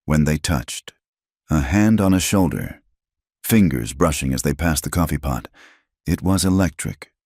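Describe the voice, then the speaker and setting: Male audiobook narrator, very deep, steady measured delivery, dry close mic. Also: husky, no room sound.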